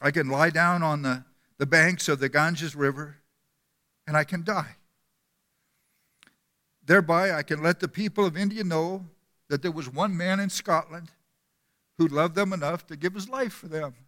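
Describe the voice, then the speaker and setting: A preacher voicing an old dying missionary. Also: male voice, on the high side, normal speed, pauses often, bright, forceful tone. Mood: resolute. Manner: urgent, impassioned pleading. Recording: long hall reverb.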